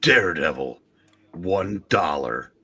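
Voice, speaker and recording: A man with a husky voice reading a review like a deadpan movie trailer. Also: low voice, takes it slowly, background noise. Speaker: panelist.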